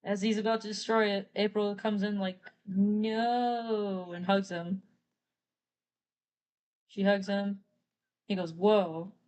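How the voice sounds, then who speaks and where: A woman's voice: mid-range voice, level tone, unhurried, long pauses, a little mellow. A woman retelling a story casually while drawing on a live stream, rambling and quoting characters with "he's like". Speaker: artist streamer.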